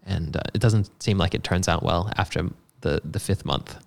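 A man with a low, gravelly voice chats loosely about software work. He explains in a laid-back way, full of fillers and offhand swearing. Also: normal speed. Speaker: software developer. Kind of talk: casual chat.

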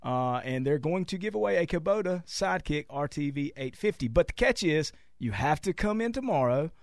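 A man, a dealer guest on a radio show, talking through a sales pitch with many halting fillers and restarts. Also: expressive, no room sound, studio quality. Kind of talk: casual radio interview. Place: radio studio.

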